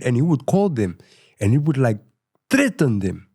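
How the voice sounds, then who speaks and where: A middle-aged South African man telling his story in a casual interview, rambling and full of "you know," going quieter at tense moments. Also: medium pitch, lively intonation, moderate pace. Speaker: podcast guest.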